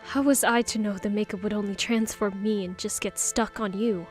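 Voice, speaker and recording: A woman's voice: mid-range voice, fairly even intonation, normal speed, faint music behind, lightly acted. Woman doing a young trans guy, tearful and pleading, emotional audiobook read. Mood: anguished. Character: anguished young trans man confessing to his boyfriend.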